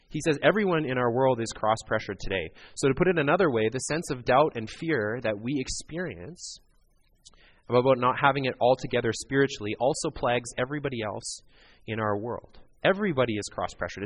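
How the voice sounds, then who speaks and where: A man's voice: mid-range voice, fairly bright tone. A man preaching a sermon in an earnest, conversational way, talking directly to his listeners. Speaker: pastor.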